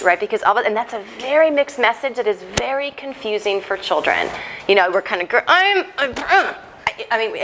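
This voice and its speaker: A woman psychologist giving an earnest, animated parenting talk to a church moms' group, often checking in with "right?". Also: mid-range voice, a little hiss or hum.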